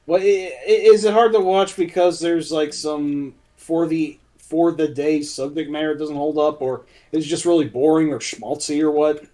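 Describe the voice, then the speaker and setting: A man's voice: on the high side, steady tone, moderate pace, hardly any pauses, mellow. A man co-hosting a casual podcast chat, wordy and playful, often quoting comedy lines. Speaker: podcast co-host.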